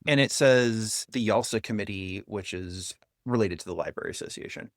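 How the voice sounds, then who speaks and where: A man being interviewed as a guest on a podcast, telling a story in a casual, animated way and chuckling now and then. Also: on the low side, moderate pace, no echo, clean studio sound. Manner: animated, chuckles through his stories.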